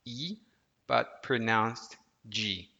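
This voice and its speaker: A patient man leads a language lesson, speaking very slowly and deliberately. He prompts the listener to repeat each word aloud. The recording sounds dull and lo-fi, with a long reverb trailing behind him. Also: medium pitch, vocal fry, bright, forceful tone. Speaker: language teacher.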